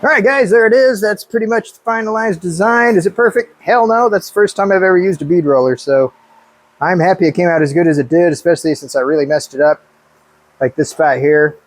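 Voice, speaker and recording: A man casually talking through his truck build in a workshop, relaxed and thinking aloud as he works. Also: sits high, brisk. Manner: relaxed and hands-on, thinking aloud while working. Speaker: car builder and channel host. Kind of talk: casual shop talk explaining a build.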